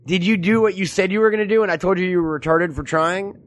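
A man's voice: high voice, quick pace. A man hosting a podcast in casual comedic chat, joking and swearing as he riffs on stories. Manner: joking, profane, riffing impressions. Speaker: podcast host.

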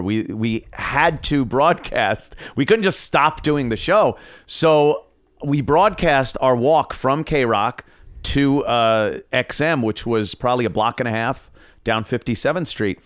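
New guy talking easy, lots of uhs, smooth clean voice, dead dry close mic. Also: mid-range voice, no echo. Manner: relaxed, laughs easily, many "uh" pauses. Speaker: podcast guest, former radio host. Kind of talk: casual storytelling chat.

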